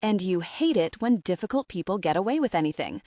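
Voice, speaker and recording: A woman narrator voicing a gentle, earnest young woman in an audiobook, speaking softly and slowly. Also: on the low side, lively intonation, no room sound, clean studio sound, close to an everyday voice. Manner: soft, slow and tender. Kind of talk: audiobook dialogue.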